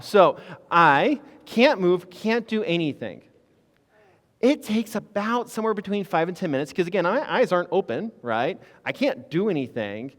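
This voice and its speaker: Man, casual storytelling, animated, candid, lively pitch, slight reverb. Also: moderate pace. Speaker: physician assistant guest.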